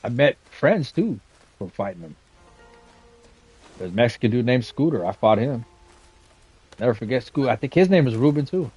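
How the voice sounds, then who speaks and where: A man's voice: medium pitch, lively intonation, moderate pace, long pauses, darkish tone, husky, dull audio, faint music behind. Slangy streetwise man. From west side of San Jose, California. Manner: slangy, streetwise and profane, with lots of "you know what I'm saying" and "right?". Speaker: gaming streamer. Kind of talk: casual storytelling chat.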